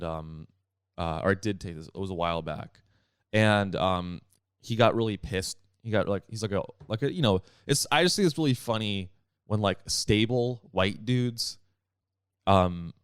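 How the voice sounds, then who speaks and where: A man's voice: on the low side, clean tone, no echo, clean studio sound. A young man hosting a solo comedy podcast, ranting in a rambling, profane way with many restarts. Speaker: podcast host.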